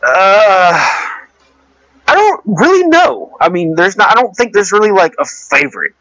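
A man with a somewhat high voice talks through a film in casual chat. He hesitates and restarts his sentences constantly. The recording is dry and dull, with a muffled lo-fi sound. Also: very animated, a little slow, a bit bright, dry recording. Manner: rambling, hesitant, many restarts. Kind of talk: casual movie discussion.

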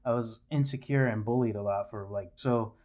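A man's voice: on the low side, moderate pace, darkish tone. A man chatting as a guest on a film podcast, rambling and hedging with lots of fillers. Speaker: guest filmmaker. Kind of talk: casual podcast chat.

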